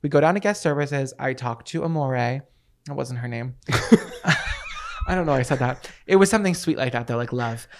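A man co-hosting a podcast, telling a story in casual chat, animated and sassy, often jumping into loud quoted voices. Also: medium pitch, a little fast. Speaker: podcast co-host.

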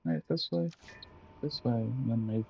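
A man's voice: mid-range voice, unhurried, creaky, muffled recording, a little hiss or hum. A man commenting on his own horror game play, talking to himself, panicking and yelping at scares, and taunting enemies. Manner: jumpy, panicky yelps, self-talking, taunting. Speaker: gameplay commentator.

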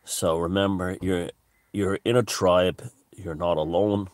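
A man's voice: low voice, steady tone, measured pace, no room sound. A man giving a rambling, jokey monologue to his viewers, full of fillers and restarts. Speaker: vlogger. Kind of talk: casual monologue to camera.

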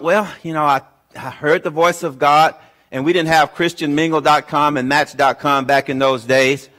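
A man in his fifties giving a chapel talk, telling a funny personal story with lively acted-out dialogue. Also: a little high. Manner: humorous, animated storyteller who acts out dialogue. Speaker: guest chapel speaker. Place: university chapel.

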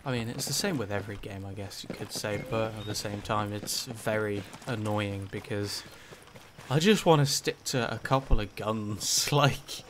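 A man's voice: fairly low pitch, moderate pace, noisy background. A man giving casual gameplay commentary, rambling with lots of ums and likes and some swearing. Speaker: gaming channel host.

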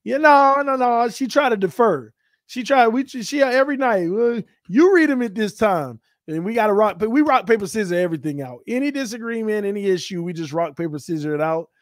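Man, from Florida, sports livestream host, joking banter, slightly high voice, dry close sound. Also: expressive, brisk, no echo. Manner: playful trash talk, laughing, reading chat aloud. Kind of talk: casual live-chat banter.

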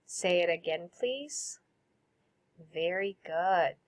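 A woman's voice: on the low side, animated. A woman teacher with a Filipino English accent, leading a recorded vocabulary lesson and having students repeat each word after her. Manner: slow, clear drilling with repeat prompts.

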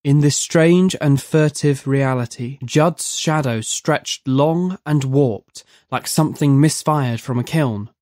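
Dark horror story reader, steady mid pitch, dry close sound, vivid measured telling. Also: no echo. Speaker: narrator of a horror audio drama. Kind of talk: scripted horror story narration.

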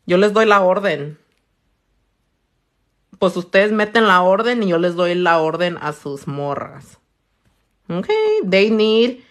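A woman, a nail technician chatting loudly and crudely on a livestream while she works, teasing and laughing a lot. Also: lowish voice. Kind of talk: casual livestream chat while doing nails. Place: her own room.

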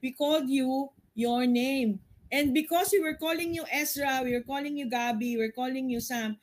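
A woman's voice: high voice, moderate pace, rough recording. A middle-aged woman with a Filipino accent, teaching a Bible study in an earnest, explanatory way. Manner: switches between English and Tagalog, earnest and explanatory.

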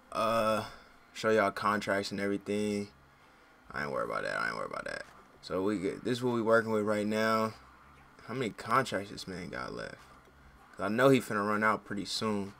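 A man's voice: lowish voice, a little hiss or hum. A young man casually commenting on his football video game, talking in slang and cursing when plays go wrong. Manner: slangy, frustrated, yells and curses at the game. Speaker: gaming channel host.

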